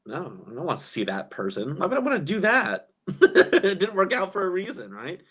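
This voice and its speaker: Guy gossiping on a live stream, laughs a lot, reads the chat out loud. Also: sits high, wildly swooping pitch, moderate pace, breathy edge. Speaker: commentary YouTuber reading live chat.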